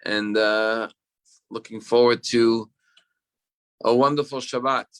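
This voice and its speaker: A man's voice: mid-range voice, fairly even intonation, slow pace, fairly bright tone, clear, resonant tone. A man teaching as a rabbi in an online class, telling stories earnestly and repeating words as he restarts.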